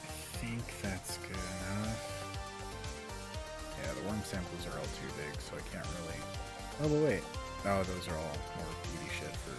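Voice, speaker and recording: A man's voice: low voice, sing-song, moderate pace, pauses often. A man streaming a game, chatting casually and rambling, swearing and laughing now and then, over game music. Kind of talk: casual gameplay commentary.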